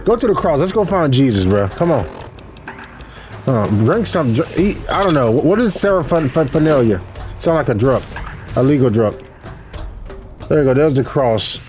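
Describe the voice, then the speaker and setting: Excitable young man yelping over game music. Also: normal speed, pauses often. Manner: excitable, profane, talks to viewers, yelps high when panicked. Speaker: gaming YouTuber. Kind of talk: casual let's play commentary. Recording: loud game music behind voice. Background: game music and sound effects.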